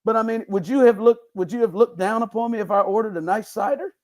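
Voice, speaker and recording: A man's voice: high voice, quick pace. A man hosting a casual sports podcast, telling stories with playful mock indignation. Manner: animated storytelling, playful indignation. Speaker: podcast host.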